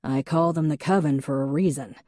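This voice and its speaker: A woman's voice: low-pitched, brisk, a little mellow, no room sound, lightly acted. A woman voicing a dry, wry adult man in an audiobook.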